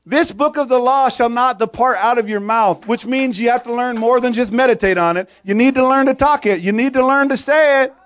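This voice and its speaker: A man's voice: extremely high pitch, fairly quick, few pauses, fairly bright tone, dry recording. A man preaching a sermon, quoting old-fashioned scripture and firing short questions at the congregation.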